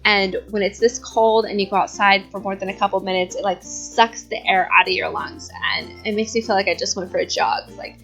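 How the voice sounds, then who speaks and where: A woman's voice: mid-range voice, steady tone, brisk, hardly any pauses, a bit bright, faint music behind. A young woman in her twenties chatting casually over gameplay, rambling and giggling, a bit out of breath. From California. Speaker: YouTube host.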